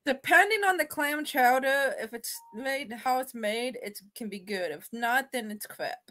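Playful high-voiced woman friend. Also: animated, unhurried, a bit bright. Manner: playful, teasing, laughs often. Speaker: friend on a call. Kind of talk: casual chat.

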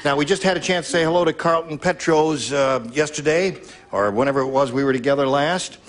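A man's voice: fairly high pitch, brisk. A man hosting a television game show in a studio, playful and teasing with the players. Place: television studio with live audience. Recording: studio audience and show music.

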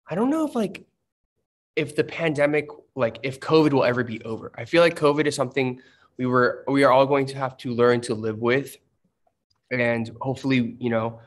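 A man in his thirties chatting casually on a livestream, telling stories and answering fan questions with lots of fillers. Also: mid-range voice. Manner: chatty storytelling, many fillers.

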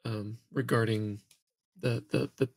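A man co-hosting a podcast, thoughtfully reading passages aloud from a book and pausing to comment on them. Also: mid-range voice, steady tone, vocal fry, husky, no echo. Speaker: podcast co-host.

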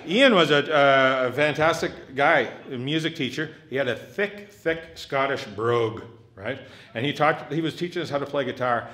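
A man in his 50s works the crowd during a live stand-up Q&A in a theatre, trading jokes and self-mockery. His medium-pitched voice is bright and forceful, and he takes his time.

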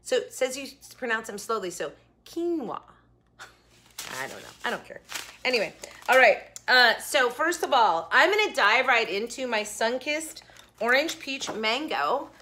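Chatty young woman, food vlogger at home, slightly high and bright, rambling asides. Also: animated, moderate pace, slight background noise. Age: young adult. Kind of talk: casual chat. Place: home kitchen.

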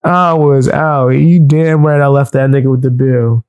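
A man hosting his show, telling a story in a loose, animated, profane way and laughing as he goes. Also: medium pitch, measured pace, smooth, no room sound, lo-fi sound. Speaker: show host. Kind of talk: casual storytelling.

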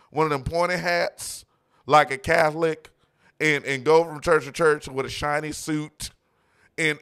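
Impassioned preaching man, smooth voice. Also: a little high, fairly bright tone. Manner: impassioned, mocking, frequent quoting. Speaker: pastor. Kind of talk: preaching sermon.

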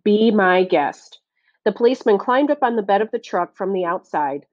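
A woman reading a novel aloud as audiobook narration, steady and clear. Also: medium pitch, fast, no room sound, dull audio. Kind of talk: scripted narration.

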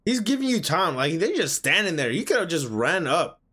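Excitable young man yelling at anime. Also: fairly high pitch, moderate pace, slightly rough. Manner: excitable, yells and swears at the screen. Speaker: anime reaction channel host. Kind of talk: reacting live to an anime episode.

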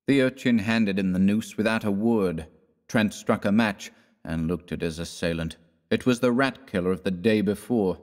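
A man narrating a classic horror story in a measured, dramatic storytelling manner. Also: fairly low pitch, a little mellow, in a large hall. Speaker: audiobook narrator.

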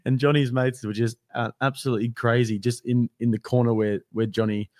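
A man's voice: mid-range voice, little pitch movement, fairly quick, a little mellow, dry recording, clean studio sound. A man co-hosting a casual podcast, easygoing and curious, laughing often as he asks questions. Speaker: podcast co-host.

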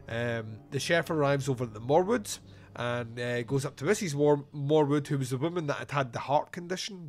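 Profane joking podcast host, a man. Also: medium pitch. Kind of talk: casual film review chat.

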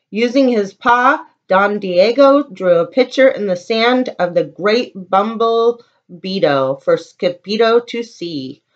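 A woman preschool teacher reading a picture book aloud with slow, expressive storytelling. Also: medium pitch, lo-fi sound.

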